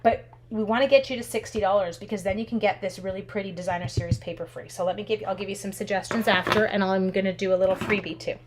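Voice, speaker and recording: A woman's voice: mid-range voice, quick pace, hardly any pauses, a little hiss or hum. A chatty woman giving a casual craft tutorial while telling stories as she works. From Canada. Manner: chatty, animated, talks while working with her hands. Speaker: craft demonstrator.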